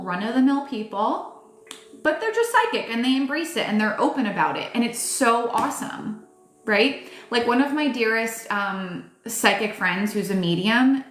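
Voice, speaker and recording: A woman's voice: mid-range voice, a bit bright. A woman reading tarot live, talking to her viewers in a casual, emphatic way, full of fillers and restarts and the odd swear word. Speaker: tarot reader. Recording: roomy echo with faint music behind.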